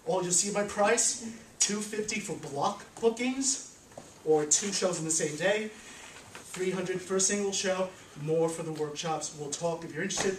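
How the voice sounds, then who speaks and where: An animated man tells a folk tale to a room of listeners, chuckling as he goes. He sounds set back from a small camera, with the room's echo around his voice and a faint hiss under it. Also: high-pitched, moderate pace. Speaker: storyteller. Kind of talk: live storytelling to an audience. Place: room with a live audience. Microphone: small handheld camera from afar. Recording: roomy, from a distance.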